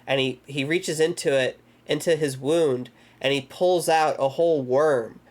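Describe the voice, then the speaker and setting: A man's voice: a little high, measured pace. Rambling man recapping a movie. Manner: rambling, many filler words; energetic retelling of scenes. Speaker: movie discussion host. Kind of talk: casual film recap chat.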